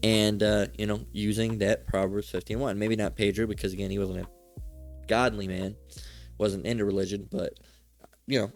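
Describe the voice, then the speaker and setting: Brief: male host, lowish voice, loose swearing storyteller, faint music underneath. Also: steady tone, fairly quick, vocal fry. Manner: rambling and profane, with frequent swearing and restarts. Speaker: channel host telling a personal story. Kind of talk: casual storytelling.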